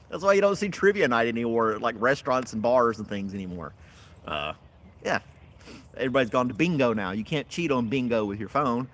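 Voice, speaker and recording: A man's voice: mid-range voice, animated, brisk, a bit bright, a little hiss or hum. A man hosting a casual livestream from his backyard, rambling and chatting with viewers and laughing often. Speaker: livestream host. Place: outdoors in a backyard.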